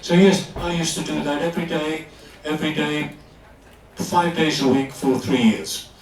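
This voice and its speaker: An older man from London, an actor telling anecdotes on stage with animated delivery and frequent laughs. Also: a little high, moderate pace. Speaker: guest actor. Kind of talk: live stage storytelling. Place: stage in a club hall before an audience. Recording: echoey hall, distant mic.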